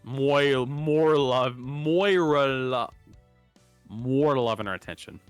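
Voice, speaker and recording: A streamer co-host speaks slowly in a clean, medium-pitched voice, in a dry recording with faint music behind. In casual live-stream chat he's animated and rambling, laughing often and restarting words.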